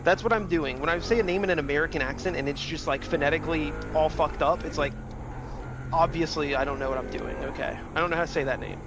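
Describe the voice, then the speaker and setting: Young man, sim racing streamer, rambling slangy chatter, a bit high-pitched, loud engine noise behind. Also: fast talker. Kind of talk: casual livestream commentary while racing. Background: car engine and game sounds.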